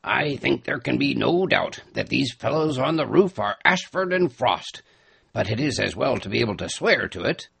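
A man voicing a gruff older sea captain in a storybook reading, hearty and commanding. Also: mid-range voice, expressive, normal speed, fairly bright tone, voice pushed up, full character voice. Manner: hearty, commanding, says "lad".

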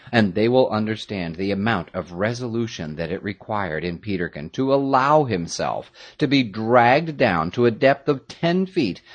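Man, audiobook narration, husky voice, animated intonation, dramatic. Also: mid-range voice. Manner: expressive, dramatic reading. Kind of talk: first-person storybook narration.

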